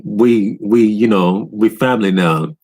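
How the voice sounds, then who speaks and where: A man in a loose, profane rant recapping a video game, often breaking into higher voices to quote characters. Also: measured pace, darkish tone. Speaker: gaming commentator.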